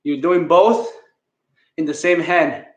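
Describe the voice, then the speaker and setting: A man's voice: on the high side, takes it slowly, echoey room. A man leading a live online kettlebell class, counting reps and giving coaching cues while out of breath. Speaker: fitness coach.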